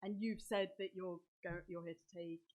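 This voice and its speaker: A woman's voice: fairly low pitch, fairly even intonation, moderate pace, darkish tone. A woman narrating as dungeon master, describing scenes vividly and talking through the rules aloud. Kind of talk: narrating a tabletop game.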